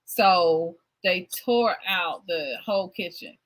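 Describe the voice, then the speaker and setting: A woman's voice: lowish voice, slow pace, rough recording. A woman hosting an interview, chatting casually and affirming her guest, laughing often as she talks. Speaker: host.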